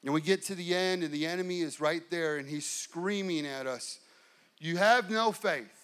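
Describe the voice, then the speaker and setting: A middle-aged male pastor delivering a sermon, building intensity through repeated phrases and slowing down for emphasis. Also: fairly high pitch, steady tone. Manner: preaching with rising and falling intensity, repetitive emphasis.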